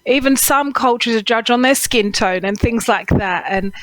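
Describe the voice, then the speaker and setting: A woman's voice: on the high side, moderate pace. A woman vocal coach as an interview guest, talking earnestly and giving advice, with frequent "Mm-hmm"s. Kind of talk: interview conversation.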